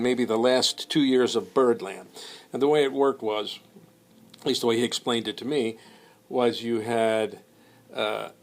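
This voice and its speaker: A man casually telling a long anecdote, rambling with many fillers and slipping into quoted voices. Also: mid-range voice. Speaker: storyteller.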